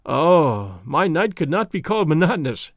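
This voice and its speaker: Brief: nervous, courteous young engineer, read by a man, bright-pitched, dry close sound. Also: very animated, moderate pace, dry recording. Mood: shaken. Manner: polite, weary, nervous. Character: young male engineer, pale and shaken.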